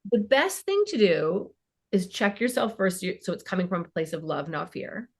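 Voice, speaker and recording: Husky and on the low side, this woman's voice swings widely in pitch at a moderate pace. She's a child and family therapist in her fifties, chatting casually as a guest on a podcast and performing snippets of parent and teen conversation.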